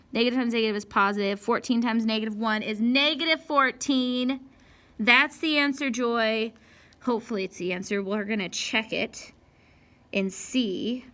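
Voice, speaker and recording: Bright, gravelly woman teaching math. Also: on the high side. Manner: scolds herself and talks to the equations; sighs and whispers in frustration. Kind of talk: recorded math lesson walkthrough.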